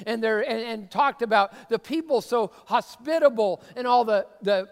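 Guy preaching, high-pitched, chatty then emphatic, big echoey church. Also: normal speed, hardly any pauses. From Seattle area. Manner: conversational, emphatic preaching with sudden bursts of excitement. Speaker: pastor. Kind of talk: sermon. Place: church sanctuary. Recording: long reverb of a church hall.

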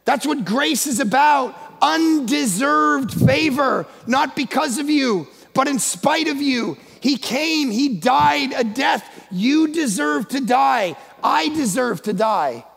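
A male guest pastor preaching a sermon in a church, emphatic and often shouting. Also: very high voice, lively intonation, takes it slowly, creaky, few pauses. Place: church sanctuary. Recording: long echo of a large church hall.

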